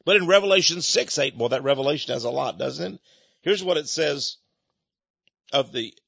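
A man preaching a sermon as a story, animated and chuckling between points, asking his listeners questions. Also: a little high, normal speed, vocal fry, husky, dry recording, muffled recording.

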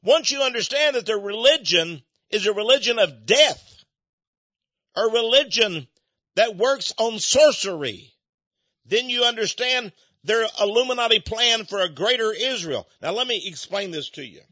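An older man from the United States delivers a fiery radio sermon in a high, sharp voice. He preaches fervently, shifting from loud outbursts to low muttered asides. The recording is dry and dull, with a lo-fi radio sound. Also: animated, normal speed, no echo.

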